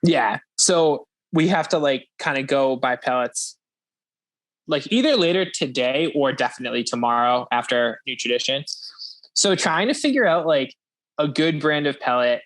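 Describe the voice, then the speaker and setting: A man's voice: medium pitch, animated, normal speed, a bit bright. A young man hosting a podcast, chatting casually and rambling with frequent swearing and laughter. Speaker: podcast host. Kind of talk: casual chat.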